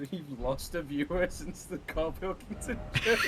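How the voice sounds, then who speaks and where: A man's voice: fairly high pitch, animated, a little slow, over loud music. A man in casual, sweary banter on a game stream, joking and laughing a lot. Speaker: streamer's guest co-commentator.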